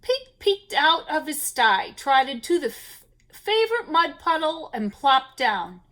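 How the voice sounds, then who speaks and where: A woman reads a children's picture book aloud for story time, breaking in with gasps and little asides to her young listeners. Her voice is high and swoops widely. She takes her time over every line. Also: big pitch swings, slow pace, a bit bright.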